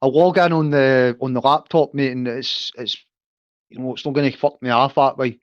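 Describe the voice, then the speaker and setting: A man's voice: medium pitch, steady tone, moderate pace, no room sound. A man chatting casually on a livestream call, rambling and saying "aye" and "mate" all the time. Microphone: device on a video call. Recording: dull lo-fi call audio.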